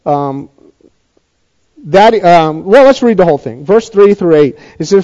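A pastor delivers a sermon in a notably high voice, talking to his congregation and asking rhetorical questions before rising to emphatic points. The recording is slightly dull and lo-fi. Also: lively intonation, measured pace, pauses often, dark tone. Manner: conversational preaching with rhetorical questions and emphatic rises.

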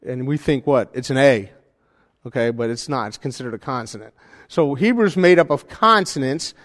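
A man's voice: mid-range voice, lively intonation, normal speed, fairly bright tone. A man teaching a Bible study class in a casual, conversational way, often checking in with his listeners. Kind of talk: informal teaching, demonstrating software. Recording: hall reverb.

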